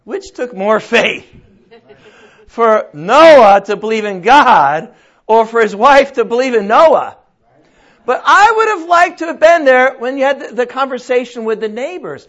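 A man's voice: extremely high pitch, expressive, measured pace, a bit bright. An older man preaching a sermon in a conversational, folksy way, full of rhetorical questions. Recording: dull lo-fi recording.

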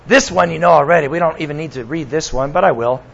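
A man's voice: a little high, quick pace, creaky, fairly bright tone, husky, muffled recording. A man preaching a sermon as pastor, talking conversationally to his congregation and slipping in sarcastic asides.

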